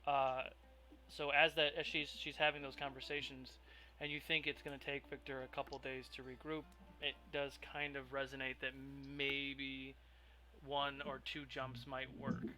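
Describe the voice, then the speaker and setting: A man's voice: mid-range voice, flat delivery, normal speed, bright, forceful tone, faint music behind. A man narrating as game master of a tabletop role-play, rambling with lots of ums and restarts. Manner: rambling, filler-heavy, self-interrupting.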